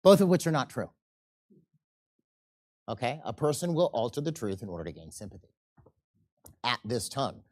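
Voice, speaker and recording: Man, seminar instructor, lively up-and-down pitch, acts out quotes, checks in with the room. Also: moderate pace, pauses often. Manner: animated, checks in with the audience; acts out quoted people in changing voices. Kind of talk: live seminar lecture.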